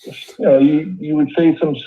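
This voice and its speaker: A man's voice: a little high, flat delivery, normal speed. Hesitant male caller on a phone line. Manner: hesitant, restarts and repeats words. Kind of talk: phone-in question to a host.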